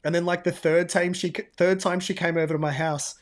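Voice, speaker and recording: A man co-hosting a podcast, telling stories in an animated, emphatic, casual way. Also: high voice, brisk. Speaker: podcast co-host. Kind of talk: casual storytelling chat.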